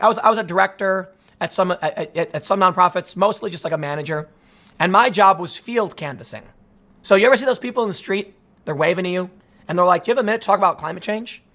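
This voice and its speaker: A man's voice: sits high, brisk, sharp tone. A man in his thirties hosting a casual commentary monologue, conversational and sarcastic, with lots of restarts and asides. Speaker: political commentary host.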